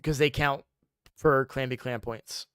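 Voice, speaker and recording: A man's voice: mid-range voice, steady tone, measured pace, fairly bright tone, clean tone. A man chatting casually on a game live stream, sleepy and yawning, rambling with frequent restarts.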